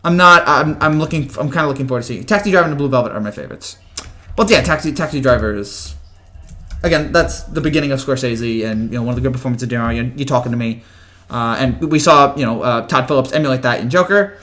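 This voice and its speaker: A man's voice: mid-range voice, expressive, quick pace. A man hosting a casual live chat from home, answering viewer comments in a rambling way, with frequent restarts and chuckles, and keeping his voice down. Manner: talks quietly to avoid waking family. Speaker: host.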